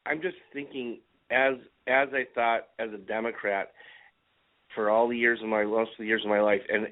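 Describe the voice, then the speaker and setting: A man talking casually on political talk radio, rambling and emphatic, often repeating himself. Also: medium pitch. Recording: narrow phone-like radio sound.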